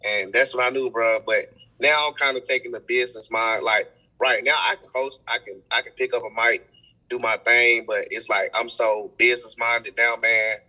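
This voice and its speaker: A young man telling stories in a casual podcast chat, animated and full of slang. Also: mid-range voice, normal speed, rough recording. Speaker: event host and promoter.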